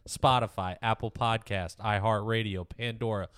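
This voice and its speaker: Hyped, teasing podcast co-host, dry sound. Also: male voice, lowish voice, steady tone, moderate pace, a bit bright, clear, resonant tone, dry recording. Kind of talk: casual chat.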